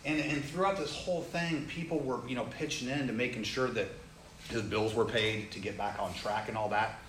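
Animated man telling a story in an echoey room. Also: medium pitch, moderate pace. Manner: animated, acts out quoted people, rising excitement. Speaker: storyteller sharing a testimony. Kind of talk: casual storytelling. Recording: roomy echo, faint ambient noise.

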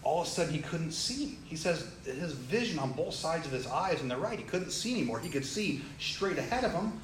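A man casually telling a story, acting out the people he quotes, with growing excitement. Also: on the high side, fairly quick. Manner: animated, acts out quoted people, rising excitement. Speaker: storyteller sharing a testimony. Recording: roomy echo, faint ambient noise.

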